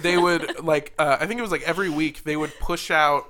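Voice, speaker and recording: Male co-host, rambling and profane, bright slightly high voice. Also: fairly even intonation, a little fast. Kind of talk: casual comedic chat.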